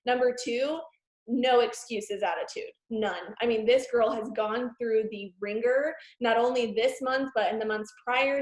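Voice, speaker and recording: Brief: excitable woman host, fairly high voice, echoey room, video call. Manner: bubbly and excitable, gushing praise. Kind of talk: enthusiastic introduction on a video call.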